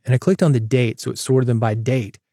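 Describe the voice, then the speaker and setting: A male podcast host talks straight to his listeners in a casual, emphatic monologue, repeating words to drive points home. His pitch sits in the middle range. The sound is dry and close, with no room echo. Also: brisk, warm tone. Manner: conversational, emphatic repetition.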